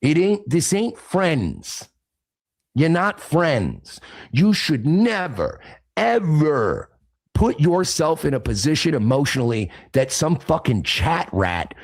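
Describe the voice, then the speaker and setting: A man's voice: fairly high pitch, very animated, slow. Aggressive lecturing man in a clip. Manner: lecturing, aggressive, tough-talking.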